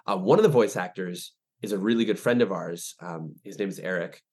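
A young man, a ministry director, telling stories as a podcast guest, animated and full of restarts. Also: low-pitched, fairly quick, breathy edge. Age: young adult. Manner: animated storyteller, many restarts and fillers. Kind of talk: casual interview chat.

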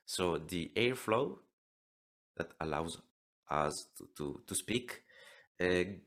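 A man in his thirties with an Italian accent, explaining throat singing in an interview lesson, halting and often restarting his words. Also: low-pitched, expressive, a bit bright. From Italy. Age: 30s.

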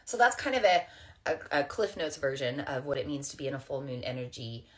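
Low-voiced woman teaching casually. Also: big pitch swings, fairly quick. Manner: gentle, meandering, with many fillers. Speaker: spiritual astrology teacher. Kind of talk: casual spiritual teaching to camera. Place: indoors at home under overhead lights. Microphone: camera facing her.

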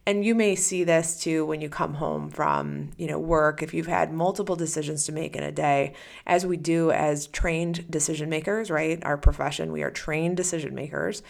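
A woman's voice: low voice, steady tone, normal speed, creaky. A woman hosting a solo podcast as a coach, talking casually and animatedly, acting out the listener's inner voice.

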